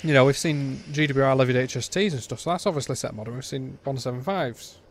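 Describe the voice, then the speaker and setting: Brief: British male reviewer, blunt and fed up, casual rambling commentary, average pitch, faint ambient noise behind. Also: fast. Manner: blunt, exasperated, rambling with restarts. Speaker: game reviewer.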